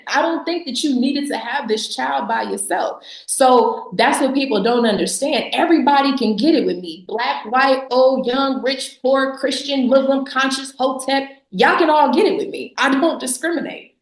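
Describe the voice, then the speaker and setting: A woman's voice: high voice, lively intonation, moderate pace, few pauses. A woman guest on a podcast, talking bluntly and sarcastically with lots of emphasis and frequent laughs. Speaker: podcast guest, business founder. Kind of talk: casual interview talk. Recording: echoey room.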